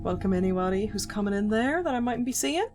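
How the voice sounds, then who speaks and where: A woman's voice: mid-range voice, animated, fast talker. A woman streaming a game, griping with sarcastic, profane commentary. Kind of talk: let's play commentary. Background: game music.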